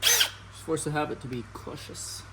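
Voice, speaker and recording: A man's voice: on the high side, fairly even intonation, normal speed, heavy background noise. A man vlogging casually, talking through each step while he works on a vehicle. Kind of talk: casual how-to narration.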